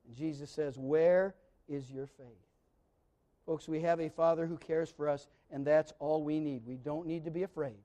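Middle-aged guy preaching, high voice but soft and mellow, talks casual then gets loud and emphatic. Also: fairly even intonation, moderate pace. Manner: conversational preaching with frequent restarts, rising to loud emphatic peaks. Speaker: pastor. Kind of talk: sermon.

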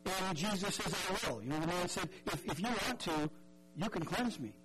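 A man's voice: high-pitched, animated, moderate pace, crowd noise, rough recording. A man preaching a sermon in an earnest, conversational way, often repeating words and acting out the voices in the story.

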